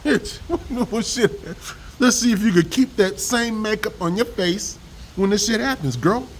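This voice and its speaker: A man's voice: high-pitched, lively intonation, unhurried, a little hiss or hum, rough recording. A man giving a rambling, profane religious rant to camera, mixing slang with scripture readings. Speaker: vlogger preaching on scripture.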